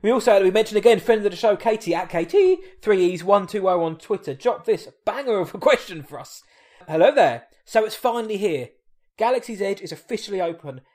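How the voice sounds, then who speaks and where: A man co-hosting a fan podcast, playful and quick to joke, reading listener messages aloud. His voice sits a little higher than most men's. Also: sing-song, a little mellow. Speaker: podcast co-host. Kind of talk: casual chat.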